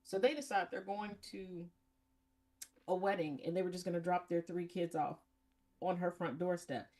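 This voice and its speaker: A woman's voice: fairly low pitch, moderate pace. A woman, probably in her fifties, hosting a casual chat and telling blunt, profane family stories. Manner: profane, blunt, animated storytelling with mocking voices. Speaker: podcast host.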